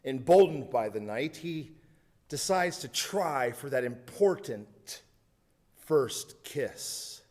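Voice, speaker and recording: A man's voice: mid-range voice, expressive, slow, a little mellow. A man preaching a sermon, telling a humorous story with asides. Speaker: pastor.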